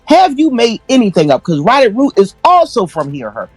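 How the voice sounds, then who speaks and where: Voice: mid-range voice, huge pitch swings, normal speed, husky, dry recording, soft background music. A livestream host giving brash, profane commentary in a campy, slangy way.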